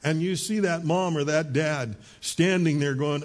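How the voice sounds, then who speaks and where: A middle-aged male pastor preaches a sermon as conversational storytelling, tossing quick asides to the congregation. His voice sits a little high.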